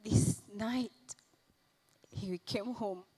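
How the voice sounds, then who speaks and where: An actress on stage playing an abused young mother, recounting her ordeal in halting, shaken narration. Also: mid-range voice, warm tone, slightly rough, rough recording. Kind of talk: stage play monologue. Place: festival stage.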